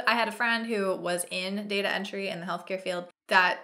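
A woman with a bright, forceful voice gives casual reaction commentary as a freelance copywriter. She is blunt and opinionated. She drives her points home by saying them again and again. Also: medium pitch, fairly even intonation, fast talker, hardly any pauses, soft background music.

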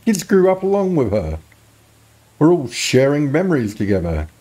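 A man's voice: on the high side, wildly swooping pitch, normal speed, mellow. A man putting on a fretful village man. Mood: pleading. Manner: earnest, pleading. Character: worried middle-aged village man, fussy and chatty. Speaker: game character read aloud.

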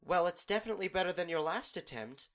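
A man voicing a gentle, teasing female pony princess in a fan audiobook reading. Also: sits high, lively intonation, fast, voice pushed up.

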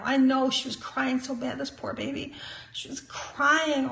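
A woman's voice: high voice, normal speed, gravelly, a bit bright. A woman minister giving an emphatic sermon-style teaching, sprinkling in praises and chuckles. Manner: emphatic preaching with frequent "praise God" and chuckles. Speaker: prophet and minister. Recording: roomy echo.

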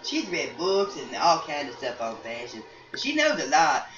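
A woman's voice: low-pitched, wildly swooping pitch, moderate pace, music in the background. A woman playing a rambling psychic grandma. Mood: chatty. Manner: rambling, folksy, repeats and restarts words. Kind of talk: in-character storytelling for a life-sim game. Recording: roomy, distant, dull sound with faint noise.

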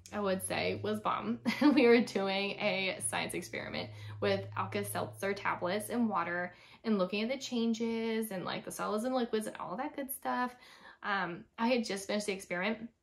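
A woman's voice: mid-range voice, normal speed, gravelly. A woman in her thirties, a former teacher, talking candidly and chattily in a personal vlog, telling stories frankly and with feeling. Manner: frank and emotional.

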